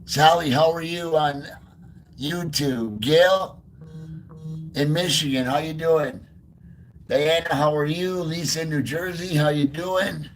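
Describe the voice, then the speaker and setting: A man's voice: fairly high pitch, slow pace, a little hiss or hum. A man hosting a casual live stream outdoors in the cold, greeting viewers by name one after another. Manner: soft baby talk to his dog. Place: outdoors in freezing cold by a river.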